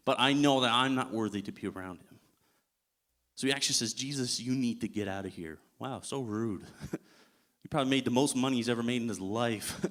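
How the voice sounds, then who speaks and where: A male guest preacher tells the story in a relaxed, conversational way and chuckles often as he goes. His voice sits at an everyday middle pitch, recorded in a church. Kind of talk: sermon.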